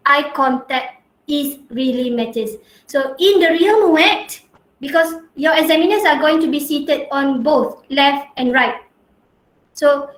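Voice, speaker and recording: A woman's voice: high voice, roomy sound, rough recording. A young woman lecturing an online class from her home in a rural area. She is chatty and teasing, wears a headset and often adds a tag "huh?".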